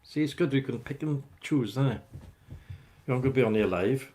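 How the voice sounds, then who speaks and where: A man's voice: mid-range voice, brisk, mellow. A man hosting a casual livestream, rambling as he chats with viewers by name. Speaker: livestream host chatting with viewers. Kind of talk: casual live chat.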